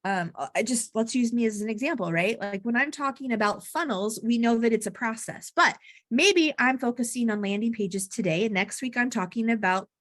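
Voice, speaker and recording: A woman's voice: on the high side, a little fast, fairly bright tone, dry recording, clean studio sound. A woman giving casual marketing advice to camera, chatty and blunt, with frequent asides. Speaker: marketing coach. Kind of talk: casual talking-head vlog advice.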